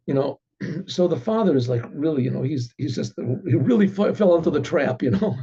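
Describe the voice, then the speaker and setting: Rabbi guy rambling through a story, gravelly husky voice, sounds dull and lo-fi. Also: fairly high pitch, animated, normal speed, mellow. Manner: rambling, many restarts and fillers. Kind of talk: casual spoken storytelling. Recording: dull lo-fi recording.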